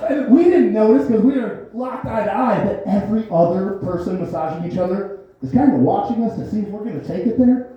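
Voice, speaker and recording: On a small comedy theater stage, a male stand-up comic with a high, fairly quick voice spins a loose, rambling story and often laughs at his own lines. The recording is very echoey and dull.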